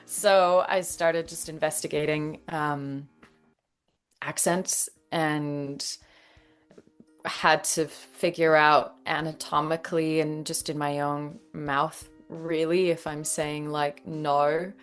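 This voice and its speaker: A Canadian woman in her thirties, an actress and dialect coach telling her story in an interview, lively and often laughing. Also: sits low, a little slow, clean tone, faint music behind. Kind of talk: conversational interview.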